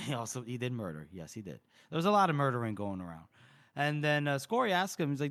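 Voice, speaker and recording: A man co-hosting a casual book podcast, retelling scenes with lively quoted lines and frequent laughter. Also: medium pitch, brisk. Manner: animated, acts out characters' lines with laughter. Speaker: podcast co-host.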